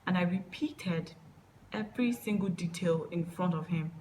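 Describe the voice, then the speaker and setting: Lowish-voiced woman telling a halting story. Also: a little hiss or hum, rough recording. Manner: halting, many fillers and restarts. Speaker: vlogger. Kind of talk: personal storytime monologue.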